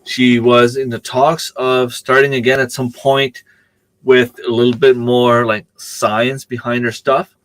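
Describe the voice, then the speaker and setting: A man's voice: mid-range voice, little pitch movement, a little slow, fairly bright tone, no room sound. A man hosting a casual livestream, rambling along and answering viewers' chat comments with plenty of ums and uhs. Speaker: livestream host.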